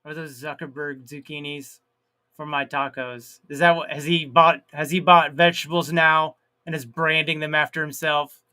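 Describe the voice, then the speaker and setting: Hosting a live stream, he chats in a relaxed way, reads out viewer comments, and laughs at his own jokes. His voice is on the high side with little pitch movement, and he stretches words out and breaks into sudden loud outbursts.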